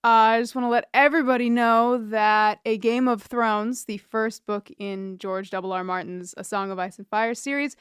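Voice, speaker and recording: A woman co-hosting a podcast in casual chat, with dry, deadpan jokes. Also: on the high side, moderate pace, few pauses, clean tone, no echo. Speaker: podcast co-host.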